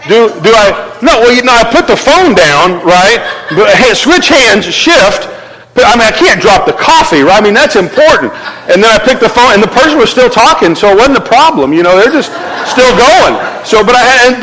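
A male pastor preaching a sermon in an animated, conversational way, asking the crowd to respond. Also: very high voice, big-room sound, low-quality recording.

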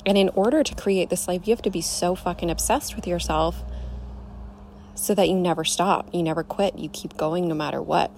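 A woman's voice: on the low side, normal speed, a little mellow, a little hiss or hum. A young woman hosting a podcast, giving an emphatic, casual motivational talk, swearing freely and calling the listener babe. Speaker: podcast host, coach.

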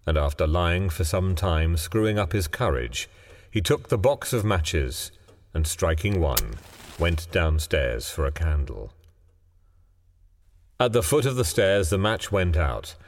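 A man narrating a ghost story in a hushed, suspenseful way. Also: low voice, in a large hall.

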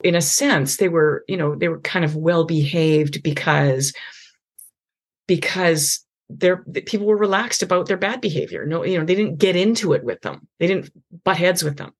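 A woman's voice: lowish voice, normal speed. A middle-aged woman hosting a podcast, talking earnestly about faith and parenting with many restarts and tag questions. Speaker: podcast host. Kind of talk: conversational advice on faith and parenting.

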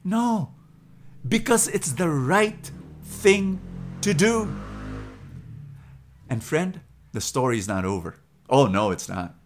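A Filipino-accented male preacher whose voice swings widely and keeps the pitch a touch high. He tells stories with emphatic repetition and an easy laugh. The tone is animated and earnest. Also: takes it slowly, long pauses, slight background noise. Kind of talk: sermon with storytelling.

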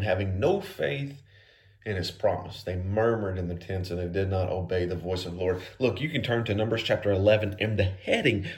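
A man preaching a sermon in a casual, conversational style, peppered with "man.". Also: fairly low pitch. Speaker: pastor.

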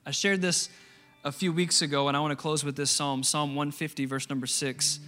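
A man's voice: a little high, level tone, fairly quick, bright, forceful tone. A man pastor preaching a sermon, emphatic and repeating key phrases for stress.

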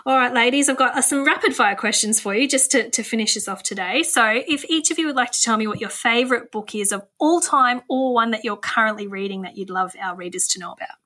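A woman's voice: fairly high pitch, quick pace, few pauses, bright, forceful tone. A woman hosting a podcast interview, chatting casually and responding with enthusiastic affirmations. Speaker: podcast host.

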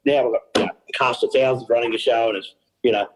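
Against a noisy background, a fast-talking middle-aged Australian with a mid-range voice tells stories from his work as an event organizer. It's an interview in which he narrates animatedly, laughs a lot, and acts out the things people said.

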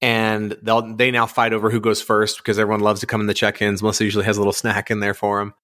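A man's voice: fairly low pitch, monotone, fast, a bit bright. A man, a father and podcast guest, talking casually and chatting with many fillers.

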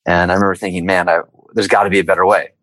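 A man's voice: deep voice, rapid-fire, no echo, rough recording. A man being interviewed, telling his story in a conversational way and acting out the voices he quotes. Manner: animated storyteller, acts out quotes. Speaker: interview guest, entrepreneur.

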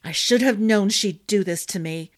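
A woman's voice: mid-range voice, measured pace, lightly acted. Woman voicing a snarling angry young king. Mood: furious. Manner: growling, clipped and forceful.

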